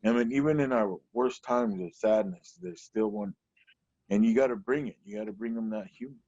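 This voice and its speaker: This Portland, Oregon stand-up comedian has a lowish, mellow voice at a normal speed, spinning loose, rambling stories packed with "you know." The lo-fi recording sounds dull and dry, with no echo.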